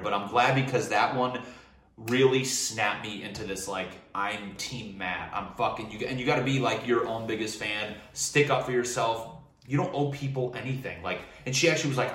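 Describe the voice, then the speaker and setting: A man's voice: on the low side, a little fast, a bit bright, distant mic. Heated, profane man in an echoey room. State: drinking wine. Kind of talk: casual monologue vent.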